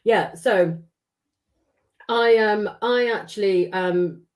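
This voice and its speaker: A middle-aged Englishwoman with a medium-pitched voice speaks slowly as a podcast guest. She tells stories casually, swearing freely and acting out the dialogue.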